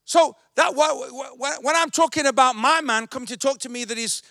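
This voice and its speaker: A man's voice: very high voice, fairly even intonation, brisk, vocal fry, pushed and bright, dry recording, studio quality. A male pastor preaching a sermon, emphatic and repetitive.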